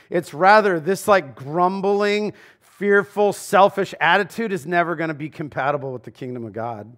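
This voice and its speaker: A pastor preaches in a conversational way. His voice sits a bit high for a man. He jumps between loud emphasis and quiet asides as he speaks to the congregation. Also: moderate pace. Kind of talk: sermon. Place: church sanctuary.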